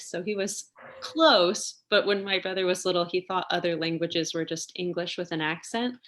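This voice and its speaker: A chatty young woman with a fairly low voice, talking as a guest in a relaxed interview. She tells her stories with lots of fillers and laughs often along the way. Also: normal speed. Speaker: interview guest, singer and lawyer. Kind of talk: casual storytelling interview.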